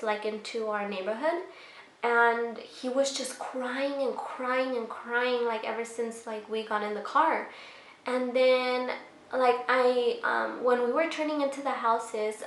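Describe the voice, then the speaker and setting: A woman's voice: on the high side, echoey room. A young woman vlogger telling a personal story in a casual, rambling way, full of fillers. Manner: rambling, many fillers, emotional retelling.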